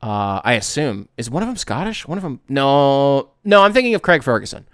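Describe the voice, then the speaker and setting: A man's voice: mid-range voice, very animated, brisk, smooth, dry recording, studio quality. A man from the United States hosting a casual solo podcast, rambling and correcting himself as he talks. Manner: rambling, self-correcting, conversational. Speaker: podcast host.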